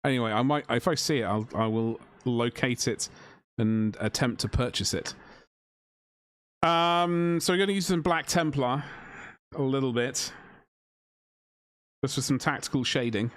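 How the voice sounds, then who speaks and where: A man chats casually to his live-stream viewers as he paints, full of jokey asides and mock outrage. His voice is mid-pitched and the recording is dry and close. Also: measured pace, long pauses, a bit bright, dry recording.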